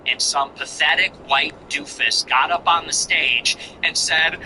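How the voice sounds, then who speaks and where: A man's voice: on the high side, measured pace, background noise. A man hosting a commentary show, ranting contemptuously in repetitive, emphatic lists. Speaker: show host. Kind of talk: political commentary monologue.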